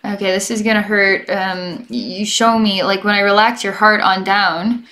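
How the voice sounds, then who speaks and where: A young adult woman giving a gentle, chatty energy healing session as a psychic, rambling and often checking in with the listener. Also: medium pitch, steady tone, normal speed. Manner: gentle and reassuring toward the listener. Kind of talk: relaxed guided healing session.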